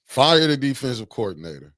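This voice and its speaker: A man hosting a casual morning livestream, greeting viewers by name with slangy, animated banter. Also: medium pitch, fairly quick, dry recording, clean studio sound. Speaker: livestream host.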